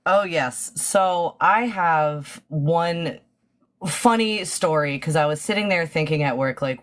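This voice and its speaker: A woman guest on a live panel telling a dating story in a relaxed, lighthearted way. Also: sits low, slow. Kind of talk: casual storytelling on a live stream.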